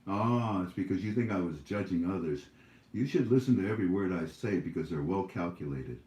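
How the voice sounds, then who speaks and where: A lowish, mellow-voiced man lectures his viewers in a scolding, preachy tone, wandering from point to point with plenty of fillers. He talks casually from his home. The room gives his voice a roomy echo. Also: lively intonation, a little fast. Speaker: YouTube channel host.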